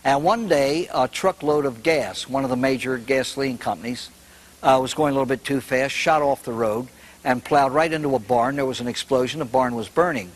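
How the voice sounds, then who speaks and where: A man's voice: medium pitch, fairly quick. A man who is a priest, giving a humorous recovery talk as a folksy storyteller who laughs at his own jokes.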